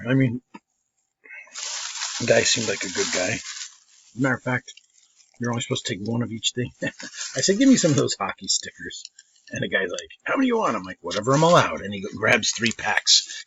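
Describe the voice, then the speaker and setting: A trading card collector tells a rambling, casual story, laughing often and acting out what people said in quotes. His fairly low voice is a bit bright and a little fast, with lively intonation, vocal fry, and frequent pauses. The lo-fi audio is slightly dull with faint noise.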